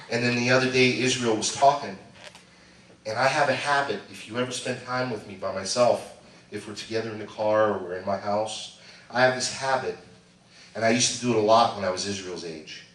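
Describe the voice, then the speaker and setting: A middle-aged man preaches a sermon in a church, his voice bright and ringing, jumping from loud, animated exclamations to quiet, hushed asides. He is picked up from a distance, so the sound carries a strong echo of the hall. A faint hiss of room noise sits underneath. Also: fairly low pitch. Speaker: pastor. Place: church sanctuary.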